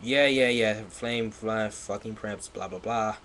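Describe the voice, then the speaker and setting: A man's voice: on the low side, a little slow, fairly bright tone, a little hiss or hum. A man giving a mocking live read-aloud of a piece of fan fiction, laughing, swearing and stumbling over its misspellings. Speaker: livestreamer.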